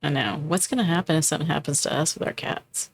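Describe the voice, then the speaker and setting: Chatty, lower-pitched woman co-host. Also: breathy edge. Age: 40s. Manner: chatty, rambling, with quick laughs. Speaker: podcast co-host. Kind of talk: casual chat.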